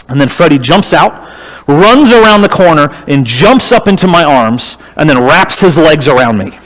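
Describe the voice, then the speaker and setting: A man telling a story as a church lecturer, with a humorous, lively manner. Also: a little high. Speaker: guest lecturer. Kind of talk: storytelling sermon. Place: church auditorium. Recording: reverberant hall.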